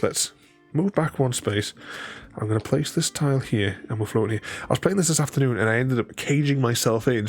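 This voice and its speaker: A man casually chatting with his viewers while playing a solo board game, thinking aloud and laughing often. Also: medium pitch.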